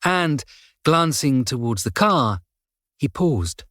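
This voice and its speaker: Slow steady guy reading an audiobook, dry close sound. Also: medium pitch, no room sound. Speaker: audiobook narrator. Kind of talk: scripted narration.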